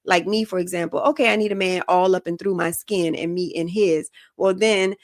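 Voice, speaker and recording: A woman hosts a podcast offering frank, casual relationship advice, often checking that listeners are following her. Her voice is fairly low with fairly even intonation, she talks a little fast, and the studio-quality recording has no room sound.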